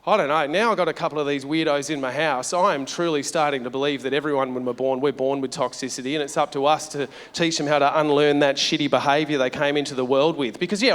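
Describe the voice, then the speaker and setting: A man's voice: on the high side, fairly even intonation, fast talker, few pauses, fairly bright tone. Brash, sweary man doing stand-up. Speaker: stand-up comedian. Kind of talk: stand-up comedy set. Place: large theatre stage. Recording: live venue with long reverb.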